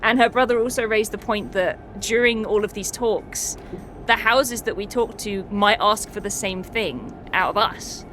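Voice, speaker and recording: Chatty woman streamer with a bright voice. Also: medium pitch, a little slow, soft background music. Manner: chatty, swears casually, laughs often. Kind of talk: casual chat recapping a tabletop campaign.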